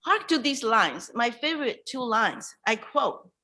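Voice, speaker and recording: A woman hosting a virtual reading night, introducing a poet in an emotional, halting way over a video call. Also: on the high side, big pitch swings, sharp tone, low-quality recording. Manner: emotional, halting, with restarts and pauses. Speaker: event host introducing a poet.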